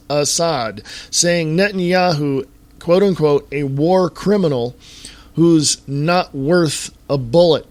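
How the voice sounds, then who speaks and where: A man hosting his own podcast, ranting about the news in an exasperated, drawn-out way and sighing now and then. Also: fairly high pitch, no echo. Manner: exasperated ranting, drawn-out deliberate delivery with sighs. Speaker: podcast host. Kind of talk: opinionated solo podcast commentary.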